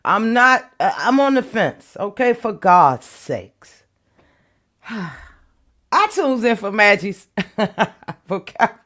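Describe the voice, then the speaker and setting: Laughing, slow-talking woman livestream host. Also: medium pitch, big pitch swings, fairly bright tone. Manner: laughs often, playful and loose, calls viewers y'all and baby. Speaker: online commentary show host. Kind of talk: casual livestream chat with viewers.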